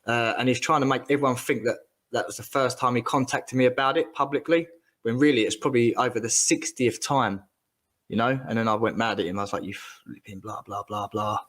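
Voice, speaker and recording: A man's voice: mid-range voice, a little fast, a bit bright. A man ranting in casual chat, rambling and swearing as he gets heated.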